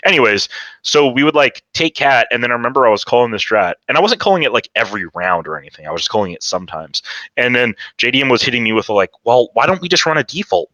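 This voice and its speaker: Young man, from Canada, lowish bright voice, dry close mic, rambling podcast chat, lots of likes. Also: no room sound. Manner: rambling, heavy filler words, swearing. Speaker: podcast guest, former pro player.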